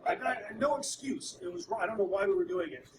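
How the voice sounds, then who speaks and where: A middle-aged man performing stand-up on a live comedy stage, telling stories that end in deadpan punchlines. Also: sits high, fairly quick. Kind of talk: stand-up routine. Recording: distant mic with room noise.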